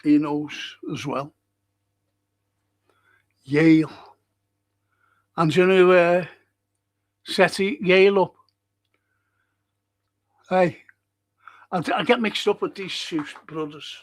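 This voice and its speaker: Older Scouse male host, slow and rambling, slightly high voice, chatty with excitable spikes. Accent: Liverpool (Scouse). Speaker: livestream host reading chat. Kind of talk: casual chat reading viewer comments.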